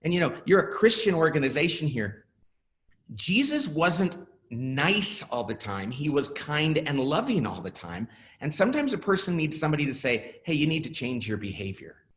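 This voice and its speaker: A man's voice: a little high, moderate pace. A middle-aged man, an author, talking in a webinar interview and acting out the dialogue he quotes as he tells stories. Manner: animated storyteller who acts out quoted dialogue. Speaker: author and guest speaker.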